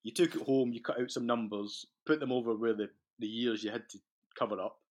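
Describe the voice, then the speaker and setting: A Scottish-accented man speaks as a podcast guest in casual, rambling chat. He swears freely and laughs through his anecdotes. His voice sits at a middling pitch for a man. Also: fairly quick, a little mellow. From Scotland.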